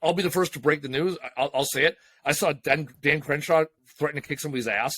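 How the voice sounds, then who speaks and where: A man co-hosting a business podcast, telling stories in a profane, excitable, casual way. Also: fairly high pitch, fast talker, slight background noise. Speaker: podcast co-host. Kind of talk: casual chat.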